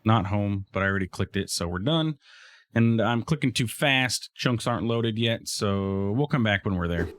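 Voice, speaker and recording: A let's play host speaks at normal speed in a lowish voice with lively intonation. Chatting through his gameplay, he talks to the mobs on screen and often trails off into fillers and restarts.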